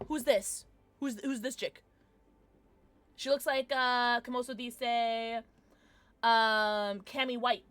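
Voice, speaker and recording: Bubbly, giggly young woman streamer. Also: high voice. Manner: giggly, bubbly, chatty with viewers; jumps between soft mumbles and loud squeals. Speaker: livestreamer. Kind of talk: casual live-stream chat.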